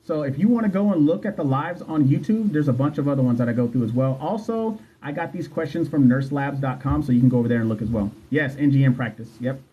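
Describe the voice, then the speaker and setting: A man's voice: medium pitch, fast talker, hardly any pauses, warm tone, breathy edge, muffled recording. A man hosting a casual livestream as a nursing exam coach, reading viewer comments aloud in a chatty, loose way and repeating himself. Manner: chatty, loose, repeats phrases, slangy asides.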